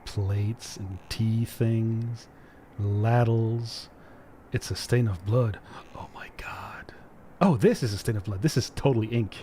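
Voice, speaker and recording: A man's voice: lowish voice, a little slow, dark tone, slight background noise. A man from Quebec casually commenting on a game he plays, joking with his chat and reading game text aloud. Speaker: gaming streamer. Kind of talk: casual let's-play commentary.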